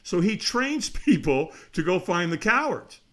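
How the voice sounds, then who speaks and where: A middle-aged man, a podcast guest, telling a story in a lively way, acting out the voices of the people in it and laughing often. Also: high voice, a little slow. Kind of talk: animated storytelling.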